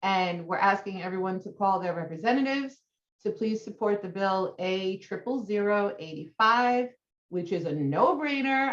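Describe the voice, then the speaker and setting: A woman's voice: medium pitch, reverberant, lo-fi sound. A woman co-hosting a casual chat, emotional and gushing. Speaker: podcast co-host, animal advocate.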